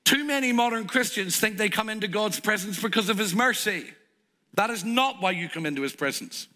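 A male preacher delivers a sermon in a bright, ringing voice that swings up and down with animated emphasis. He speaks in a church, and his voice carries a long reverb through the hall. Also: high-pitched, a little fast. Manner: animated, emphatic, plays out stories.

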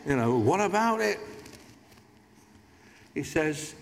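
A man's voice: fairly high pitch, sing-song, takes it slowly, creaky, slight background noise. A man preaching a sermon as pastor, talking conversationally with asides and light humor. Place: large church. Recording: hall reverb.

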